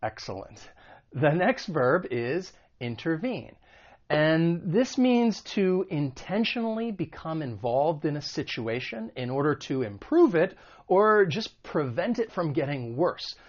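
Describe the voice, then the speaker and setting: A man teaching an English lesson, patiently explaining word meanings and modeling pronunciation slowly and clearly. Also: fairly high pitch, very animated. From United States. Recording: dull lo-fi recording.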